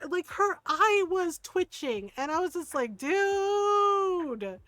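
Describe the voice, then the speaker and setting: A woman's voice: very high voice, very animated, a little slow, a bit bright, no room sound. A middle-aged woman streaming a game, chatting casually and telling stories, laughing often, swearing, and acting out the people she quotes. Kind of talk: casual storytelling chat while gaming.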